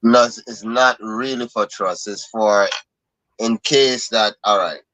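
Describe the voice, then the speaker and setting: Male guest explainer, low voice, very slow and deliberate, dry close sound. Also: fairly even intonation, bright, forceful tone, no echo, low-quality recording. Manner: slow, deliberate, repeats words at starts. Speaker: invited guest speaker. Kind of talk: explanatory talk.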